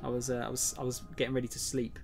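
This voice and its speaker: A man's voice: medium pitch, little pitch movement, racing, gravelly, slightly rough, soft background music. A young man streaming a game live, chatting with viewers and muttering to himself through puzzles. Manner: chatty, greets viewers, drops to a quiet mutter while solving puzzles. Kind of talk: casual live-stream chat while gaming.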